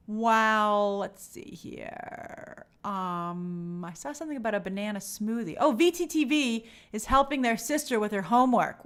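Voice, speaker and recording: Upbeat high-voiced woman host. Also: fairly bright tone. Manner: upbeat, chatty, reads viewer comments aloud. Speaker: host reading live chat. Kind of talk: casual livestream chat.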